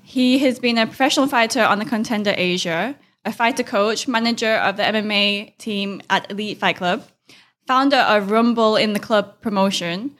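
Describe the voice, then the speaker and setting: A woman's voice: medium pitch, moderate pace, a bit bright. A woman hosting a podcast, introducing and interviewing a guest in a friendly, casual way and laughing easily. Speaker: podcast host.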